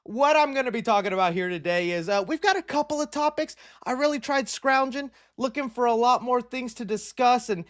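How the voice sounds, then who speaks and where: A man's voice: very high voice, fairly quick, hardly any pauses, a bit bright. A man around thirty hosting a casual live stream, talking in a hyped, playful, rambling way with slang, a little out of breath. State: slightly out of breath. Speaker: livestream host.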